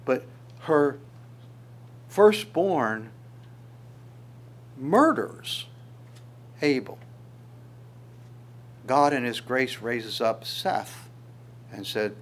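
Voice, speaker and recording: A man preaching with a slightly higher voice than most men. He swings between loud, rising lines and soft, low asides, acting out what he quotes. He often repeats words as he works through his point and chuckles now and then. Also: slow, pauses often. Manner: animated, repeats words, acts out quotes in varied voice. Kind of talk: sermon.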